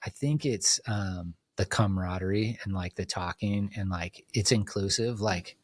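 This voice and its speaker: A man's voice: sits low, normal speed. Laid-back, rambling middle-aged man. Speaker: podcast guest. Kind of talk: casual chat.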